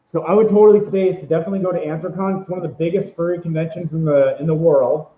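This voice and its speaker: A man rambles cheerfully through casual advice, stumbling over his words and circling back. His voice sits a little high for a man. The sound is roomy and echoey, with a dull, lo-fi tone. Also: steady tone, rapid-fire, mellow, slight background noise. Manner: rambling, upbeat, many fillers and restarts. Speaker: vlogger giving convention tips.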